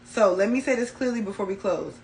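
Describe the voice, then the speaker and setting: A woman's voice: medium pitch, quick pace, a little mellow, poor audio. A woman talking casually to her viewers about spirituality, emphatic and colloquial, repeating key phrases for effect. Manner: casual colloquial speech, addresses viewers as y'all. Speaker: spiritual reader.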